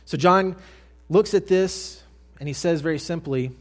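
A male pastor delivering a sermon, telling a story dramatically and swinging between hushed and loud. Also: fairly high pitch, unhurried.

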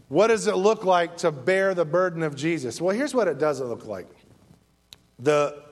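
A man preaching a sermon as a guest preacher, animated, and acting out quoted voices in a mocking tone. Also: high-pitched.

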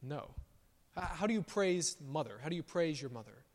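A pastor preaching a sermon, emphatic on his declarations and softer on quiet asides. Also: a little high, animated, moderate pace. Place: church sanctuary. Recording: long church reverb.

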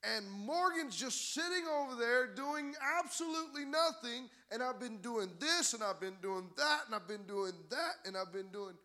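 Brief: tattling child complaining to dad, done by a man, bright, loud. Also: very high voice, expressive, normal speed, few pauses, pitched above the performer's own voice, heavily acted. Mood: whining. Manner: whiny, tattling. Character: child whining to dad about a sibling.

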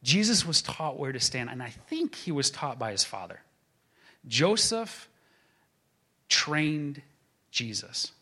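A man preaching a sermon as a pastor, building to emphatic proclaiming and then dropping to a hushed tone. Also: medium pitch, sing-song, slow pace, long pauses, husky.

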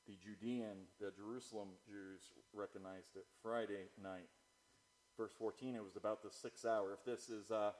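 A man preaching a sermon, moving from loud, declaiming passages to low, quiet asides as he reads and explains scripture. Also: poor audio. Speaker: pastor.

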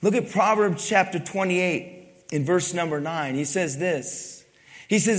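A man's voice: sits high, lively intonation, a little slow. A man preaching a sermon, asking the congregation questions and pressing his points with emphasis. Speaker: pastor. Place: church. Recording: long reverb of a church hall.

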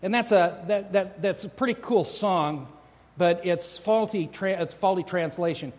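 A man's voice: high-pitched, a little slow, darkish tone. A man preaching a sermon as a pastor, talking in a loose, joking way and often restarting his sentences. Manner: conversational, joking, frequent restarts. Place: church sanctuary. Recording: long church hall reverb.

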